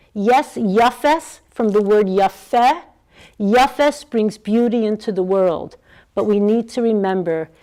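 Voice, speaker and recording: A woman's voice: on the high side, darkish tone, low-quality recording. A woman giving a Torah lecture to a class, asking the room questions and weaving in Hebrew terms. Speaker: Torah teacher.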